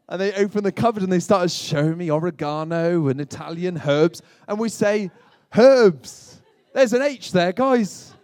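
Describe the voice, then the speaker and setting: This British preacher's voice is on the high side, a little mellow and clean, with no echo. He gives a lighthearted sermon, telling self-deprecating stories and tossing chatty asides to the congregation.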